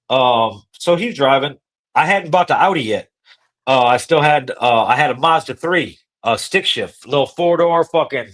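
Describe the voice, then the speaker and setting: Man, podcast host, casual storytelling, slangy, profane, animated, slightly high voice.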